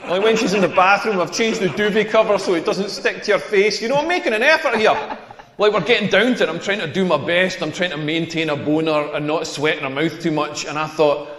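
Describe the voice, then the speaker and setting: A man's voice: sits high, fairly bright tone, slight background noise. A Scottish man in his forties performing a bawdy stand-up comedy routine, rambling through stories and acting out little asides. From Scotland. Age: 40s. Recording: echoey hall with long reverb.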